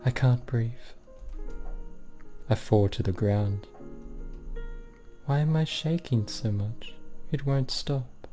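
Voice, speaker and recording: A distraught teenage girl from a visual novel, as a man reads her lines aloud. She pleads in a shaky voice, spiralling into despair and self-blame, and her words come slowly. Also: medium pitch, mellow, soft background music, close to an everyday voice. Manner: shaky, pleading first-person reading.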